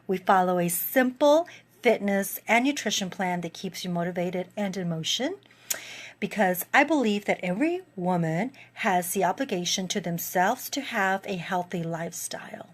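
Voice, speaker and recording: A woman's voice: mid-range voice, a bit bright. A woman who runs a fitness program, speaking to camera in a casual, earnest and openly emotional gratitude video. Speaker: fitness and wellness program creator.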